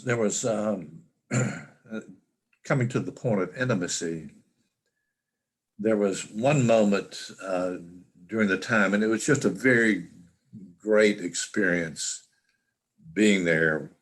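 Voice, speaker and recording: Older male guest on a video call; deep, slow, halting storyteller. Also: slightly rough. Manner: halting, with frequent restarts and fillers. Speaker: interview guest. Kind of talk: reflective personal storytelling.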